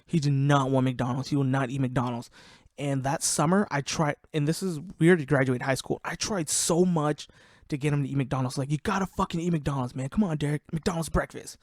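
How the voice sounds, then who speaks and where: A man's voice: fairly high pitch, brisk, no echo, studio quality. Young man telling profane stories dryly. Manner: profane, laughing, animated storyteller. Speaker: podcast host. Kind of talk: casual storytelling.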